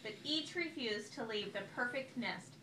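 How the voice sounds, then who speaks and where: A woman reading a picture book aloud to a child at home, with slow, expressive storytelling. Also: a little high. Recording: echoey room, far from the mic, faint hiss.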